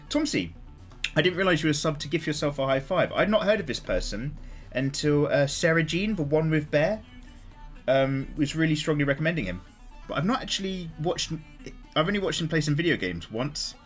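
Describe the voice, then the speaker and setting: A man's voice: on the high side, very animated, a little fast, faint music behind. A man chatting casually on a live stream while he draws, greeting viewers and swearing freely.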